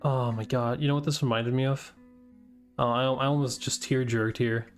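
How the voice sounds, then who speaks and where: A man casually reading a comic aloud and reacting, thinking out loud with many fillers and breaking into surprised swearing. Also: mid-range voice, fairly even intonation, normal speed, faint music behind. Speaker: host reading manga aloud.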